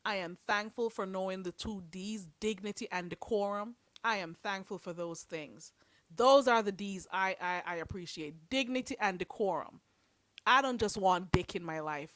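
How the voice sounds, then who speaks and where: A woman's voice: mid-range voice, moderate pace, a bit bright, dry recording. A woman hosting a livestream, giving blunt, sassy commentary and preachy advice. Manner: blunt, sassy, preachy, calls listeners "girl". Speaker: livestream host.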